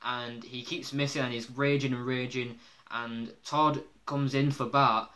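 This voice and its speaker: Brief: male reviewer, bright, forward tone, loose and chatty with frequent laughs and filler words. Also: mid-range voice, level tone, measured pace. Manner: rambling, laughs often, many fillers. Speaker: episode reviewer. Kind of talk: casual spoken review.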